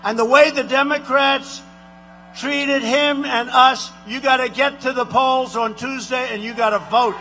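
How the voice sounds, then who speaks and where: A man doing a high, bragging president at a rally. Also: steady tone, unhurried, soft background music, full character voice. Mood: boastful rally. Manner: repetitive, rambling, bragging, with sudden shouted lines. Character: boastful, rambling male president addressing a rally crowd. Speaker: impressionist. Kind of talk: political impression, rally speech.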